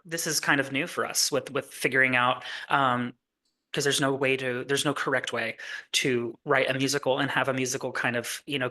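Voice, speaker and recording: A man from Kentucky chats as an interview guest, his voice bright and forward in the middle of the male range. He rambles through lots of fillers and laughs easily. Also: medium pitch. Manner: chatty, rambling with many fillers, laughs often. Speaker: guest, musical writer. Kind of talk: casual interview chat.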